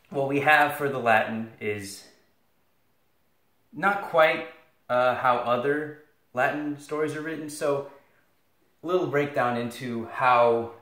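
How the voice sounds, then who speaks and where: A man's voice: mid-range voice, a bit bright. A man giving a casual, joking Latin lesson, sarcastic and rambling, with self-deprecating asides. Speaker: video tutor for Latin students. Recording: echoey room.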